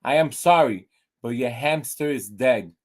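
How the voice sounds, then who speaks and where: A man voicing a matter-of-fact male vet in a joke, with deadpan delivery. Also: mid-range voice, unhurried, natural voice. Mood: sombre.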